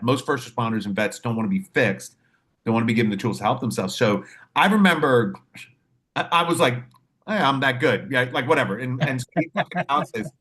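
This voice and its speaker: A man on a podcast telling animated, profane stories about his clinical work, acting out the voices in them. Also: mid-range voice. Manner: animated storyteller, profane, acts out quotes. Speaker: podcast host, mental health clinician. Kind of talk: casual podcast chat.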